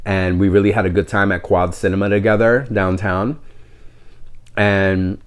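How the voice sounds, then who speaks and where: Candid low-voiced New man storytelling. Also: little pitch movement, normal speed, smooth. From New York City. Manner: candid, conversational, rambling with fillers. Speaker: podcast host. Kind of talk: personal storytelling monologue.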